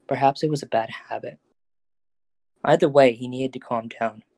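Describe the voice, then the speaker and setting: A man reading the narration of a fan audio drama in a steady storytelling voice. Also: mid-range voice, moderate pace, dry recording.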